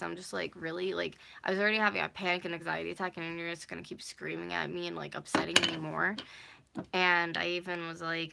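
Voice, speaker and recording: This vlogger, a woman in her twenties, tells a loose, wandering story packed with "like" and the occasional curse word. Her lowish voice is creaky, pushed and bright, with a faint hiss or hum in the background.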